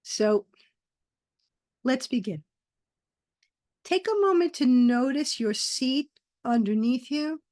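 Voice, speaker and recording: Woman meditation teacher on a video call, unhurried and soothing, slightly high voice, dry sound. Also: dry recording. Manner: slow, soft, soothing guidance with pauses. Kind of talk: guided meditation class.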